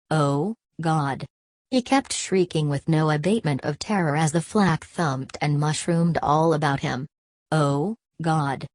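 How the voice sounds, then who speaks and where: A woman narrating an audiobook in a steady, measured reading. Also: deep voice, no echo.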